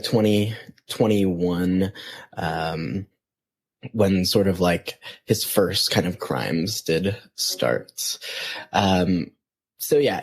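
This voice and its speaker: Slow, husky-voiced man telling a story. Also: fairly low pitch, a little mellow. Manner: halting, with many ums and restarts. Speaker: podcast co-host. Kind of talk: casual storytelling chat.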